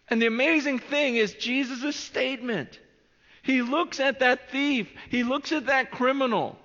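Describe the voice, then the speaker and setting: A man preaching a sermon in an earnest, animated way, often restarting his phrases. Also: very high voice, a little slow, in a large hall, dull audio. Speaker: pastor.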